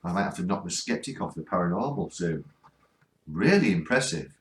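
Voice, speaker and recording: A northern English man runs a spirit box session on a ghost hunt, pleading again and again for the spirits to answer. His voice sits fairly low. The sound is roomy and echoing. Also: lively intonation, brisk. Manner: coaxing, earnest, keeps pleading for replies. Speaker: ghost hunting vlogger. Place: cold spot on a ghost hunt.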